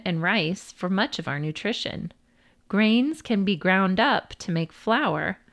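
Woman narrator, children's storytelling, unhurried and deliberate, very melodic. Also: medium pitch.

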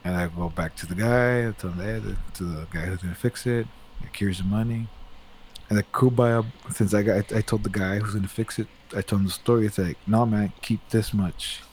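A man's voice: on the low side, fairly quick, a little hiss or hum. A man casually telling a long story, rambling and swearing a lot as he gets worked up. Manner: rambling, profane, animated retelling.

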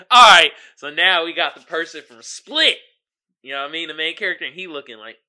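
A man's voice: a little high, expressive, moderate pace, bright, forceful tone. A man hosting his own podcast, talking casually and animatedly, with frequent exclamations and laughter. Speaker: podcast host. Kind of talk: casual solo commentary.

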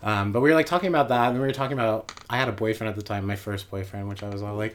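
A man's voice: lowish voice, steady tone, very fast, hardly any pauses. A man in his late twenties casually telling a personal story, rambling with lots of asides. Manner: rambling, full of fillers and asides. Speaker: guest storyteller.

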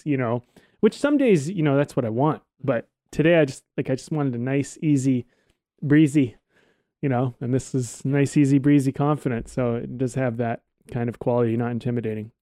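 A man co-hosting a casual podcast, rambling and relaxed, swearing now and then. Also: medium pitch, dry recording, studio quality. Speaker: podcast co-host.

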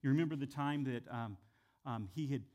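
A man preaching a sermon, dramatic in delivery, swinging from loud, urgent emphasis to hushed, low asides. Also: fairly quick. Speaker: pastor.

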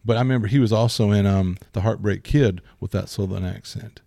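Guy, gravelly, rambling casual movie chat, dry close mic. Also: on the low side, fairly quick, no echo. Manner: rambling, animated storyteller with many restarts.

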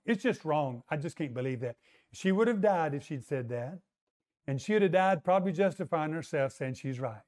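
A male preacher with a high voice gives a sermon. He talks conversationally and keeps calling out to the congregation for a response. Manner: conversational, calls for audience response.

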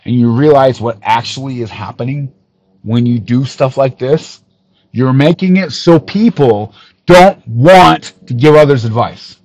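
A man hosting a podcast, ranting in an angry callout with lots of swearing, missing some teeth, swinging from loud outbursts to low muttering. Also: a little slow, dry recording, poor audio. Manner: profane, heated, swings from shouting to low muttering. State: missing teeth, awaiting dental work. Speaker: podcast host.

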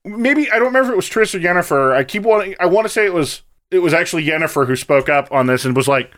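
A man in casual chat about a video game, retelling it in a relaxed, amused way. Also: sits high, fast, few pauses.

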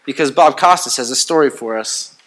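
A man preaching a sermon as pastor, telling stories in a playful, animated way. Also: mid-range voice, a little fast. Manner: animated storytelling, playful and comic. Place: church.

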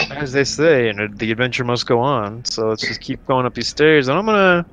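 A man's voice: mid-range voice, moderate pace, fairly bright tone, faint music behind. A man playing a tabletop role-playing game, rambling and repeating himself as he decides what his character does. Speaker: player. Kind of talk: casual tabletop play.

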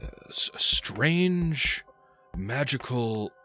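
A man voicing the genteel snail-man master of a manor in a tabletop game, speaking politely and formally with many pauses. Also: medium pitch, animated, bright, forceful tone, soft background music, voice pushed up, full character voice. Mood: curious.

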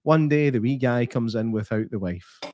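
A man's voice: mid-range voice, moderate pace, darkish tone, dry recording. A Scottish man joking and teasing his friends in casual conversation. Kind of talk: casual chat.

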